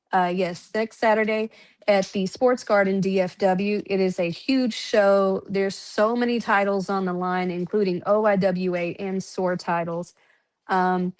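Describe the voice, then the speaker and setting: Chatty woman promoter, frequent laughs. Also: mid-range voice. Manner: chatty, laughs often, lists promotions with many fillers. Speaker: wrestling promoter guest. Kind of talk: casual podcast chat.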